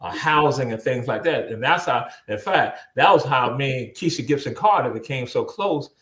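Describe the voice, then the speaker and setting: A man's voice: mid-range voice, moderate pace. A man speaks as a guest over a video call, recounting his story with lots of energy. He loops back on his words and slips into voices for the people he quotes. His voice sits in the middle range, and the room audio has a noticeable echo. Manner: animated, repeats words, acts out quoted voices. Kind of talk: casual storytelling interview.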